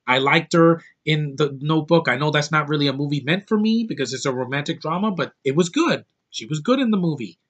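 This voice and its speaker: A young man talking casually to camera in a home video, opinionated and excitable, ranting about what he likes and hates. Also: a little high, brisk, hardly any pauses, muffled recording. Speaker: movie collector vlogger. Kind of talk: casual movie haul vlog.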